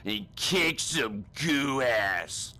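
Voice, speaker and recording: A crude, bullying drill sergeant, as a man puts him on, barking slow, deliberate orders. The voice is bright and pushed, with a gruff, mocking edge, and the delivery stays unhurried. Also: medium pitch, lively intonation, exaggerated voice. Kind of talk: comedic spoof acting.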